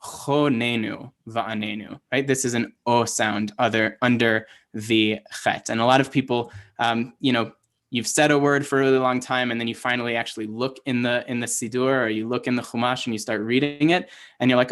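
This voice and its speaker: A man teaches an online Hebrew class over a video call, explaining things patiently and checking in with his students often. His mid-range voice has a steady, fairly bright tone and a normal speed.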